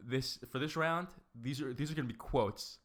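Man, casual quiz host, mid-range voice, slow clue reading, laughs often. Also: mid-range voice, a bit bright. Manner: reads clues slowly, giggles, stumbles over words. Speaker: quiz host of a guessing game. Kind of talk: casual chat.

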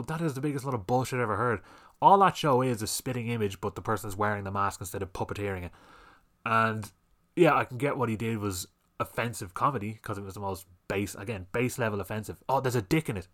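A man's voice: lowish voice, fairly bright tone. A man hosting a solo podcast, ranting fiery and sweary about comedy and censorship. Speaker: podcast host.

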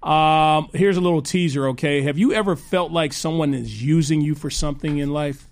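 A man's voice: a little high, moderate pace. A man hosting a live radio talk show, hyped and joking, often laughing. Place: radio studio.

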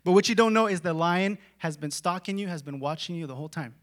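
A man preaching a sermon in a conversational way, full of "like" and "right?", dropping to a hush and then rising to shouts. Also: sits high, fast talker. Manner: dramatic swings from hushed to shouting.

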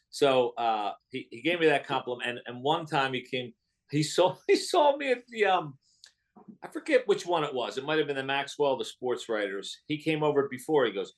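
Sex: man. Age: middle-aged. Role: comedian guest. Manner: chatty, restarting sentences. Pitch: medium. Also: animated, normal speed. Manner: chatty, with frequent restarts and laughs. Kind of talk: casual interview storytelling.

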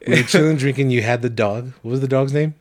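A man with a medium-pitched voice talks quickly in a casual podcast chat. He's animated, telling profane stories and laughing often.

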